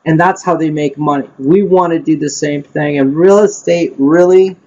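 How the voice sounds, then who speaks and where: Male instructor, slightly high voice, quizzing a class, dull lo-fi recording. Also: normal speed, warm tone. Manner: quizzes the group, repeats himself, frequent "right?" and "okay?". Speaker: real estate investing instructor. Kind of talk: live teaching session. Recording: dull lo-fi sound.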